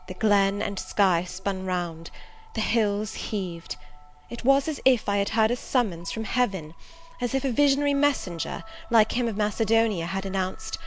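A woman narrating a classic novel as an audiobook reader, with measured, expressive storytelling. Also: mid-range voice, soft background music, rough recording. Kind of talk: scripted literary narration.

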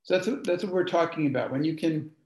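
Quick and a bit mellow, a slightly high male voice leads a workshop in an echoey room. He teaches informally, keeping things conversational and questioning the audience as he goes.

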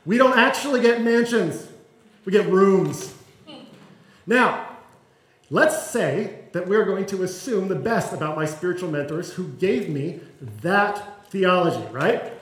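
High-voiced man preaching in an echoey room. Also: expressive, unhurried. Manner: conversational and self-deprecating, with humor. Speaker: pastor. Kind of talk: sermon. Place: church sanctuary.

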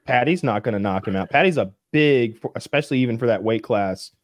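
A man's voice: mid-range voice, fast talker, no room sound, clean studio sound. A man co-hosting a casual podcast chat, arguing his points emphatically. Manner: argumentative, emphatic. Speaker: podcast co-host.

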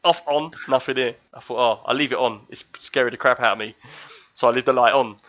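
Show regular, man in his thirties, bright forceful voice, lively storyteller, dull lo-fi recording. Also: mid-range voice, fast. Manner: animated storyteller, acts out screams. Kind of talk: casual chat.

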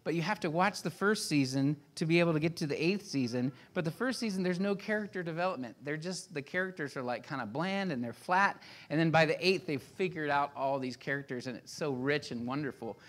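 A man's voice: fairly high pitch, fairly quick, hardly any pauses. A man in his fifties, a pastor giving a sermon in a casual, self-deprecating storytelling way.

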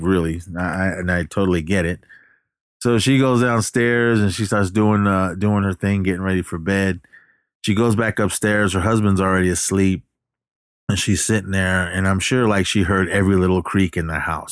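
Casting: low-voiced guy, laid-back rambling recap, dry close sound. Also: fairly even intonation, moderate pace, dry recording. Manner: rambling, loose, swears, lots of fillers. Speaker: movie recapper. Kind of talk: casual plot retelling.

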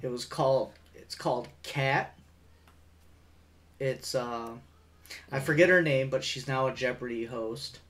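A man's voice: medium pitch, unhurried, pauses often, fairly bright tone. A man joining a podcast as a guest, talking in an easygoing, rambling way. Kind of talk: casual podcast chat.

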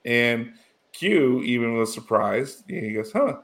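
A man in casual conversation, rambling through a story with plenty of fillers and restarts. His voice sits at an ordinary middle pitch, and he gets emotional as he goes. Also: flat delivery, normal speed, a bit bright. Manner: rambling, full of "you know" and restarts, emotional. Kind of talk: casual chat recapping a TV episode.

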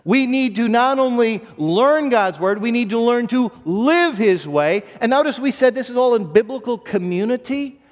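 A man's voice: extremely high pitch, lively intonation, normal speed, few pauses, big-room sound. A man preaching a sermon as pastor, earnest, often repeating a word as he restarts a phrase.

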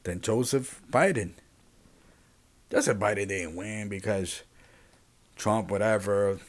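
A man's voice: lowish voice, takes it slowly. A man hosting his own podcast, talking casually and animatedly in a rambling monologue, often restarting sentences and speaking to his listeners. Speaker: podcast host.

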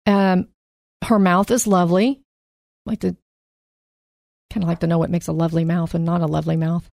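A woman co-hosting a podcast, chatting casually through a Bible study, slowing down to read scripture and laughing easily along the way. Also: on the low side, flat delivery, gravelly, darkish tone, no room sound, clean studio sound. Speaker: podcast co-host.

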